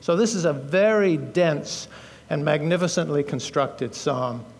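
A man's voice: on the high side, unhurried, vocal fry. British man preaching in a reverberant church. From Britain. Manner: earnest, explanatory, with frequent fillers and self-corrections. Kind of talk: sermon.

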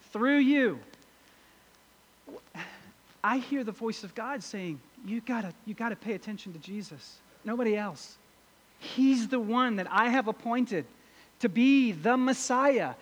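A preacher giving a sermon, reading and repeating scripture verses and asking the congregation rhetorical questions. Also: medium pitch. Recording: long hall reverb.

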